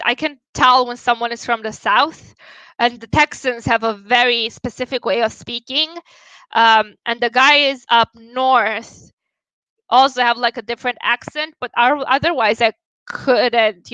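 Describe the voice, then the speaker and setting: High, bright-voiced woman streamer. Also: smooth, no room sound. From Romania. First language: Romanian. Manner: outspoken and blunt, swears casually. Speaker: livestream host. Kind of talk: casual livestream chat.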